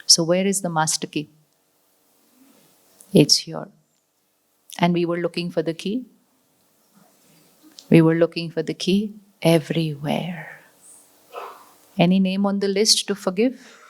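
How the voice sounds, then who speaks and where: A woman, a spiritual teacher giving a motivational talk to an audience. She repeats her lines, asks the audience questions and slows down for emphasis. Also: on the low side, fairly even intonation, a little mellow.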